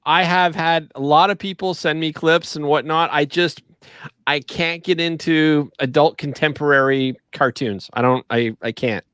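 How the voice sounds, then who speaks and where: Animated storytelling man, dry close sound. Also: on the high side, moderate pace, smooth, no room sound. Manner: animated storyteller, acts out dialogue, laughs often. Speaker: podcast host. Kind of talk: casual storytelling chat. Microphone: video call.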